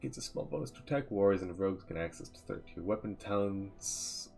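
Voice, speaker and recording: A man streams a game, casually musing to himself and reading menu text aloud while building a character. His low, creaky, darkish voice is brisk with lively intonation, and soft music plays behind him.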